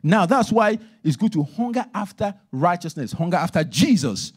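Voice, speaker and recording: A male minister preaching a sermon in church, emphatic, swinging between loud stresses and hushed asides. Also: high-pitched, very animated, normal speed, husky.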